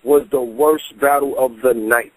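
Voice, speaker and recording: Husky man, animated and slangy. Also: mid-range voice, unhurried, no echo, poor audio. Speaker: battle rap commentator. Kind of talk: casual panel chat.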